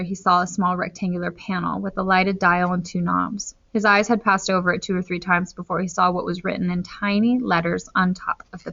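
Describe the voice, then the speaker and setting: A woman's voice: fairly low pitch, fairly bright tone, dull audio. A woman reading a novel aloud as an audiobook narrator, telling the story steadily and lifting her voice in tense moments.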